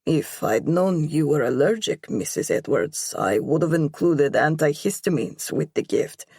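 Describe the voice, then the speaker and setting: A woman voicing a calm, commanding young crime lord who speaks in a low, dry, mocking way. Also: a little slow, creaky, dry recording, heavily acted.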